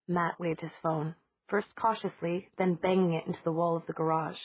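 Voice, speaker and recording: Female audiobook narrator, measured, husky, over a tinny, dry line. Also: lowish voice, little pitch movement, no room sound.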